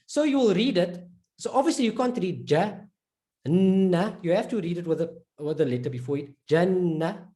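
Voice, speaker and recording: A woman teaching an online lesson, patiently repeating points, checking in with learners and slowly drawing out example words. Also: fairly low pitch, warm tone. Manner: slowly drawn-out word demonstrations. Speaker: Arabic reading teacher.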